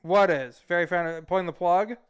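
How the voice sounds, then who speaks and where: A man's voice: high-pitched, fairly even intonation, moderate pace, clear, resonant tone, dull audio. A young man hosting a casual talk show from a VR chat space, rambling and joking through silly made-up scenarios. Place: VR chat room, at home.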